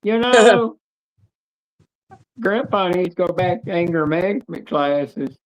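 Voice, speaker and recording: A woman's voice: lowish voice, expressive, moderate pace, poor audio. A woman co-hosting a livestream in casual chat, telling rambling, crude stories. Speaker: livestream co-host.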